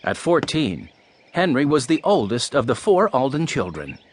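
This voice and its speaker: A man narrating a children's mystery audiobook in a clear, storytelling voice. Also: mid-range voice, sing-song, normal speed.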